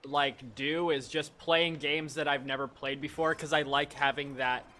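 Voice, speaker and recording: A man with a slightly high voice chats as a guest on a gaming livestream. He jokes in an easygoing way between plays. Faint noise hums behind him. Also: fairly even intonation, normal speed, pushed and bright. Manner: joking, easygoing. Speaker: guest streamer. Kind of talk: casual chat while gaming.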